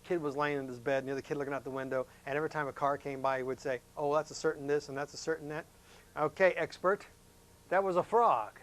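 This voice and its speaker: A man's voice: a little high, fairly even intonation, quick pace. Folksy man teaching a science lesson. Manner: folksy, chatty, asks questions of students. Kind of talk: classroom lesson demonstration.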